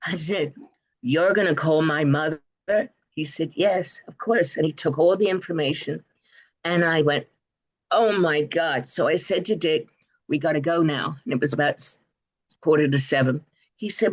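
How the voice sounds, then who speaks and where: An older woman from Bristol with an English accent, telling rambling anecdotes in an interview, with frequent fillers and pauses. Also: low voice. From Bristol, England. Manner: rambling, hesitant, warm anecdotes with many fillers. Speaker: guest. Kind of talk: interview storytelling.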